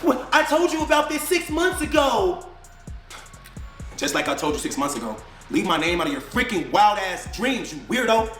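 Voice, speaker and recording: A man's voice: sits high, sing-song, normal speed, a bit bright, roomy sound, faint music behind. A man in a played clip ranting angrily and indignantly, with swearing. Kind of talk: heated video rant.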